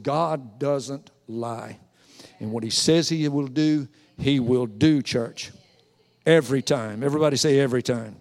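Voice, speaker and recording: Animated preacher man in a reverberant hall. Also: on the high side, vocal fry. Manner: storytelling preacher acting out characters, animated. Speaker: pastor. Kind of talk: sermon. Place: church sanctuary.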